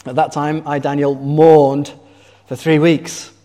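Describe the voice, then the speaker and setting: A man's voice: fairly high pitch, little pitch movement, slow, mellow. A man preaching a sermon in a conversational way, asking the congregation questions. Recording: long reverb of a large hall.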